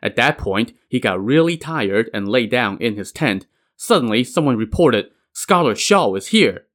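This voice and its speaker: A man's voice: mid-range voice, animated, moderate pace, fairly bright tone. Man casually retelling an old epic. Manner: conversational, with casual asides. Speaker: storyteller, podcast host. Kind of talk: casual narration of a classic novel.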